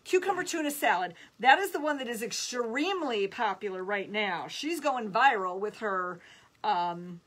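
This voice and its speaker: A woman's voice: medium pitch, expressive, normal speed, a bit bright, breathy edge. A woman hosting a live craft demo, chatting in an upbeat way and reading out viewer comments. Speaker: craft video host.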